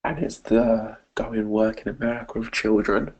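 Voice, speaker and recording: A man's voice: fairly low pitch, moderate pace, a little mellow, lo-fi sound. A man with a British accent, a motivational speaker telling an earnest personal story and often calling his listeners "guys". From Britain. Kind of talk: personal story told to camera.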